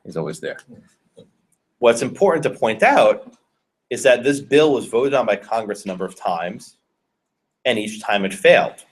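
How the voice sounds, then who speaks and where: A male law professor giving a conversational classroom lecture and questioning his students. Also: fairly low pitch.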